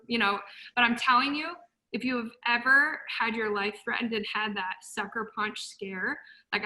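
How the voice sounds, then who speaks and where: A woman speaking as a guest, telling her story in a passionate, blunt motivational way and loudly quoting herself. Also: fairly high pitch, rough recording. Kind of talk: emotional motivational talk.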